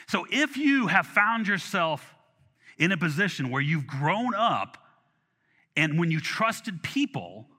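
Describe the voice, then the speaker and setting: A man delivers a sermon with a lively, swinging pitch and a bright, forceful tone. He talks conversationally, restarting phrases and repeating words. His voice rings in a large hall with long reverb and drifts off-mic at times. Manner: animated and conversational, with restarts and acted asides. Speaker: pastor.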